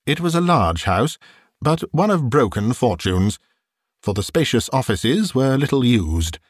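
A man narrating a classic novel as an audiobook, in expressive, measured storytelling. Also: medium pitch, no room sound, studio quality.

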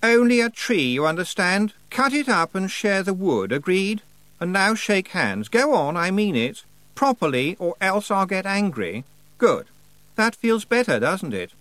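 A man voicing a bossy young witch woman who scolds villagers in a shrill, commanding voice, for an audiobook. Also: sing-song, a little slow, fairly bright tone, dry recording, full character voice.

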